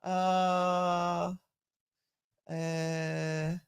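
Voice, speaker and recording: Speaking extremely slowly in a lowish, level voice with a clean tone, this middle-aged woman co-hosts a paranormal livestream. The chat is casual and jokey, peppered with the odd curse.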